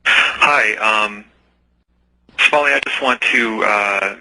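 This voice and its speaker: A man calling in to a radio show, speaking softly and hesitantly with many pauses. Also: lowish voice. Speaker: caller. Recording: phone call on radio.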